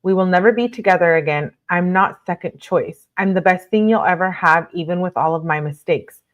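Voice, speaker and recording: A woman's voice: on the low side, fairly quick, highs cut off. A woman hosting a casual live stream, reading documents aloud and breaking off to react with blunt outrage and lots of fillers. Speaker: livestream host reading court documents.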